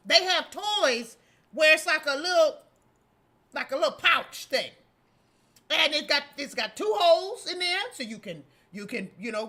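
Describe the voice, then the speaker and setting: A woman's voice: sits high, sharp tone. A middle-aged woman hosting a casual commentary show, sassy and scolding, breaking into laughs as she lectures. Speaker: host.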